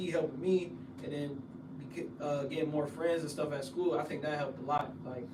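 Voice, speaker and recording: A young man tells his college stories in lively slang, his voice sitting a touch high and climbing loud when he gets worked up. He is heard from a distance in an echoey room. Clear background noise runs under him. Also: a little fast. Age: young adult. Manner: animated slang storytelling, rises loud when excited. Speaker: former college football player, guest. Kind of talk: casual podcast chat.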